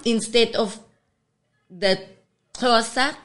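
A woman's voice: a little high, slow, a bit bright. A woman, a radio guest patiently explaining and teaching how words are pronounced. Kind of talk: explaining on a radio talk show.

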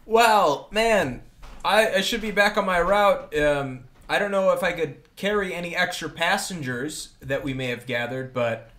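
A man's voice: high-pitched, measured pace, a bit bright, voice pushed up. A man voicing a reluctant bus driver who hesitantly sticks to the rules. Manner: hesitant, apologetic. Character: reluctant male bus driver, rule-bound.

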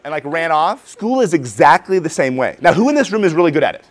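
A man in his forties presents to a hall of teachers with restless, animated energy. His voice sits a little high and leaps up and down, and he slips into his students' voices to make each point. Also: quick pace, a little hiss or hum. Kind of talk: lively conference talk with demonstrations. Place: conference hall before an audience.

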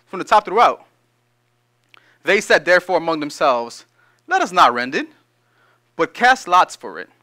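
A male pastor delivering a sermon in a high, bright voice. He reads scripture at a measured pace, then breaks into casual, energetic explanation.

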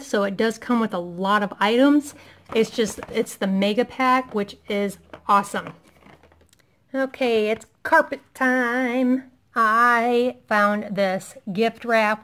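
A woman in her thirties, a parent, chatting through a shopping haul in a casual vlog, enthusiastic and gushing, losing her voice a little. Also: a little high. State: losing her voice, clearing throat. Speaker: vlogger showing a shopping haul.

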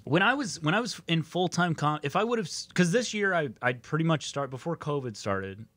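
Lively comic man telling rambling stories, bright tone, swears freely. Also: a little high, brisk, no room sound. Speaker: podcast guest and stand-up comic. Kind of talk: casual podcast chat.

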